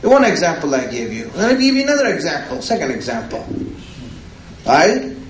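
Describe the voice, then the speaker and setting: A man's voice: fairly high pitch, wildly swooping pitch, brisk. A man preaching a religious sermon, repeating himself and asking "right?" as he goes. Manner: repetitive, rhetorical, often asks "right?". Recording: echoey room.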